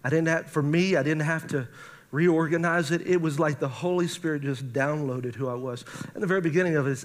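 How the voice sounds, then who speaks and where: A man's voice: a little high, a little fast. A man preaching a testimony to a live audience, emotional and acting out the dialogue as he tells it. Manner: emotional, acts out quoted dialogue. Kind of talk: sermon testimony storytelling.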